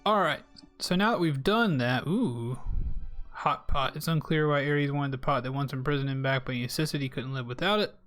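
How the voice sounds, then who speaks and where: A man's voice: mid-range voice, normal speed, a bit bright, soft background music. Chatty Southern US man streaming a game. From Southern United States. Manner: rambling, chatty, talks straight to his chat. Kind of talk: casual live gameplay commentary.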